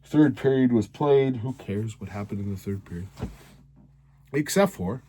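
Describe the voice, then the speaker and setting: A man's voice: lowish voice, normal speed, warm tone, slight background noise. A man hosting a casual hockey recap, ranting in a sarcastic, rambling way. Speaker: host.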